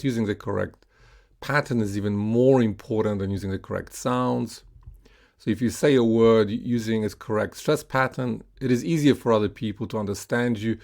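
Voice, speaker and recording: Man teaching pronunciation, low gravelly voice, slow and patient, models words for repetition. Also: darkish tone. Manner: slow, patient, with frequent "uh" and "right?" checks; models words slowly for learners to repeat. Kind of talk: classroom pronunciation lesson.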